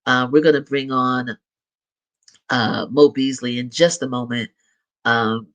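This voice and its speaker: A man's voice: medium pitch, steady tone, a little slow, a bit bright, muffled recording. A middle-aged man hosting a live show, chatting casually and upbeat as he makes announcements. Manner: chatty and upbeat, with light laughs and restarts. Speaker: show host.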